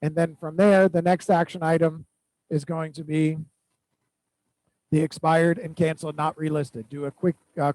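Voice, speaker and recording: A man with a high-pitched voice runs a weekly accountability call for his real estate team. He gives direct instructions and keeps repeating the action items. The sound is dry and close. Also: no echo, low-quality recording. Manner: direct, repetitive instructions with animated storytelling.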